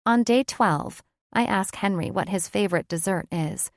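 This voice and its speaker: A woman's voice: mid-range voice, moderate pace, creaky, no room sound. A woman reads a first-person audiobook in a reflective, conversational way, close to the mic. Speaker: audiobook narrator.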